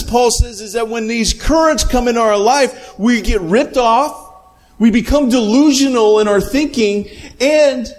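A man preaching a sermon, retelling a film scene with lively quoted voices before drawing the lesson. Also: extremely high pitch. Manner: animated storytelling with quoted voices. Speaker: pastor.

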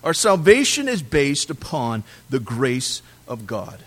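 A man preaching a sermon, animated, swinging between loud emphasis and quiet drops on key words. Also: medium pitch, slow pace, slightly rough. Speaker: pastor.

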